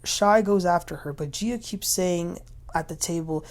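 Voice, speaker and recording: A woman's voice: on the low side, unhurried, a little mellow. A woman hosting a casual TV recap, chatty and opinionated as she retells scenes. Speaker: reality TV recap host. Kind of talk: casual episode recap commentary.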